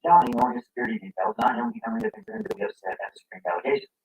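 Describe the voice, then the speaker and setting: A man's voice: high-pitched, wildly swooping pitch, rapid-fire, gravelly, darkish tone, husky, poor audio. A man reading scripted commentary and building his case through rhetorical questions. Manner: argumentative, poses rhetorical questions. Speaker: commentary narrator.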